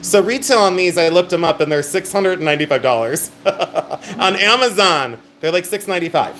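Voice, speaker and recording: A man's voice: high-pitched, lively intonation, normal speed, fairly bright tone, slight background noise. Chatty middle-aged man selling jewelry. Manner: chatty, emphatic salesman patter. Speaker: live sale host. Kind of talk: live-stream jewelry auction.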